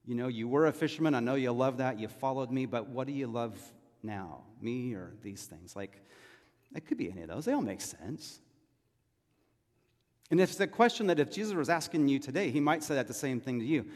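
A brisk, slightly mellow medium voice with lively intonation belongs to a California pastor delivering a sermon. He talks it through like a story, with many asides and rhetorical questions to the congregation, and the large hall adds long reverb.

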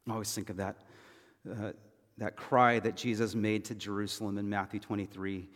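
A man preaching a sermon as pastor, moving between loud urgent pleading and soft, hushed reassurance. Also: lowish voice, flat delivery, moderate pace, in a large hall.

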